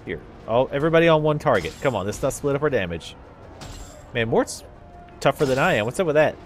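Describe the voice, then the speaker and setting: A man's voice: medium pitch, sing-song, fast, faint music behind. A man casually commenting while playing a game, chatting wryly and thinking aloud. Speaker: let's play commentator.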